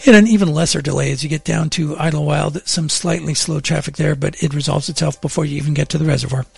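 A man's voice: on the high side, gravelly, husky, no echo. A middle-aged man on morning radio, chatting wryly with his co-host and then reading traffic and weather from a studio mic. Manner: chatty, wry, then steady report reading. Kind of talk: casual radio chat and traffic report.

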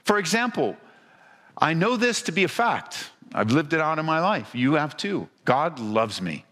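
A man's voice: fairly high pitch, big pitch swings, moderate pace, fairly bright tone, long reverb tail. A man preaching as a pastor to a congregation, talking in a conversational way and firing off rhetorical questions with frequent restarts. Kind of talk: sermon. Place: church hall before a congregation.

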